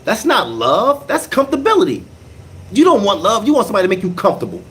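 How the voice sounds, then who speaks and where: An animated man speaks in a casual monologue, his voice pitched fairly high and swinging widely up and down. He talks emphatically in slang and repeats his points. Faint background noise runs under the recording. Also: quick pace.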